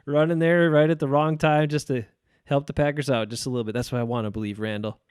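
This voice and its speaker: A man co-hosting a casual sports podcast in a laid-back way, chuckling often as he moves the talk along. His voice is smooth and clear, and the recording is dry and close. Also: medium pitch, steady tone, quick pace, a little mellow, no room sound. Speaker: podcast co-host.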